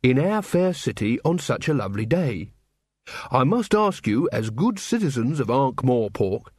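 A man's voice: medium pitch, big pitch swings, measured pace, a little mellow, slightly rough, no echo, studio quality. A man voicing an earnest young male corporal of the city watch, reasoned and amiable, turning commanding.

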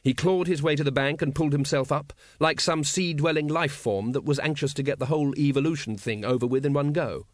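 A man reading a comic fantasy novel aloud as an audiobook narrator, with expressive, dryly comic storytelling. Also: a little high, fairly quick, hardly any pauses, dry recording, studio quality. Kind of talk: scripted narration.

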